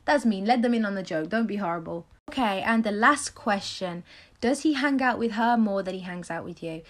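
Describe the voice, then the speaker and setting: A woman's voice: mid-range voice, expressive, fairly quick. A young woman hosting a solo advice podcast, talking in a chatty, emphatic way and firing off rhetorical questions. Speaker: podcast host.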